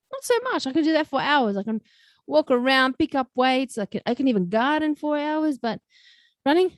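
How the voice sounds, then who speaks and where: Woman, joking solo podcast host, dry close sound, chatty and animated delivery. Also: fairly high pitch, no echo. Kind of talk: casual solo podcast talk.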